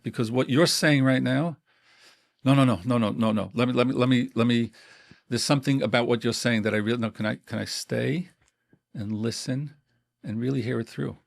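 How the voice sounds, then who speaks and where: A middle-aged couples therapist talks in an animated way, repeating words and acting out little scenes. His voice has a gravelly texture. The sound is dry, with no room echo. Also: medium pitch. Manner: animated, repeats himself, acts out examples. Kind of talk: conversational advice interview.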